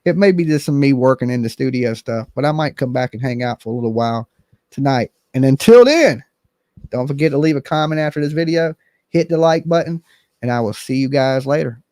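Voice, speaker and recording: A man's voice: medium pitch, animated, brisk, a little mellow, no echo, clean studio sound. A man hosting a casual commentary stream, blunt and rambling, swearing freely. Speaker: channel host.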